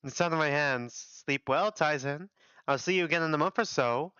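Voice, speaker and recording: A man voicing a mocking, lazy middle-aged male doctor who speaks dryly and dismissively in a lowered voice. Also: fairly quick, sharp tone, clean tone, dry recording, highs cut off. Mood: amused dismissive.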